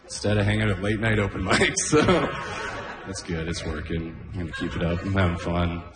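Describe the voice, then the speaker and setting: Man, thirties, stand-up comedian, deadpan, self-deprecating, lowish voice, echoey club room. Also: fairly quick. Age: 30s. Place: open mic stage in a room. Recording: echoey room with long reverb.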